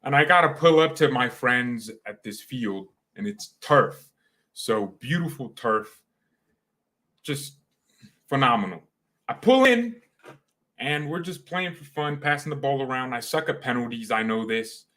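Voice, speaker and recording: Chatting on a live stream in a medium-pitched voice, a young man rambles with excitement, packing his speech with slang and frequent quick restarts.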